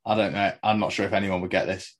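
Bloke with a lowish voice, laid-back footy chat, quizzing his mate. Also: flat delivery, quick pace, poor audio. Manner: quizzing with trivia, laughing often. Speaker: podcast co-host. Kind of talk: casual football chat.

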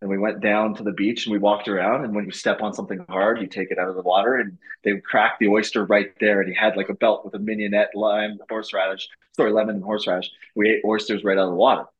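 A young man from Canada telling casual stories as a podcast guest, animated and swearing freely, acting out what people said. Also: on the low side, fast, few pauses, lo-fi sound. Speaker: podcast guest, former reality show lead. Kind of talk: casual storytelling.

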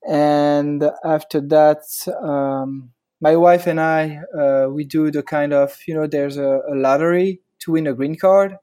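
Mellow-voiced French man in his thirties. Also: fairly high pitch, fairly even intonation, a little slow. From France. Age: 30s. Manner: hesitant, searching for words. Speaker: guest wedding photographer. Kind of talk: casual interview answers.

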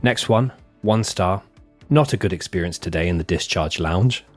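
Very deep-voiced male podcast host. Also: normal speed, soft background music. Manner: reads reviews in a lively, jokey voice. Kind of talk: casual chat, reading reviews aloud.

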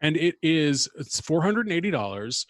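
A man's voice: fairly high pitch, sing-song, moderate pace, no room sound, studio quality. A man co-hosting a casual chat, talking in a wry, chatty way full of hedges and fillers. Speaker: podcast co-host.

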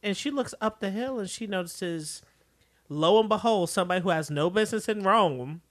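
A woman co-hosting a casual recap show, narrating the plot in a measured storytelling way. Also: medium pitch, animated. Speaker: podcast co-host.

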